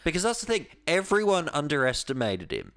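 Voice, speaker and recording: A man's voice: on the high side, huge pitch swings, brisk, a bit bright, clear, resonant tone, dry recording, clean studio sound. A man co-hosting a casual podcast, blunt and sweary, explaining things at length. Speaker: podcast co-host. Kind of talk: casual chat.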